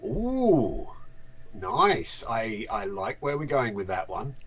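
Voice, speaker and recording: A man's voice: mid-range voice, very animated, slow, a bit bright, slightly rough, highs cut off. A man in his forties with an Essex accent, talking casually as an interview guest, rambling with lots of restarts and self-deprecating asides. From southeast England. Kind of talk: casual live-stream chat.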